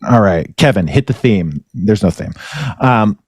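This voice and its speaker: A man's voice: lowish voice, expressive, unhurried, a little mellow, husky, no room sound, clean studio sound. A man hosting a podcast, retelling a story in a rambling way and correcting himself often. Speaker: podcast host. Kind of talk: casual chat.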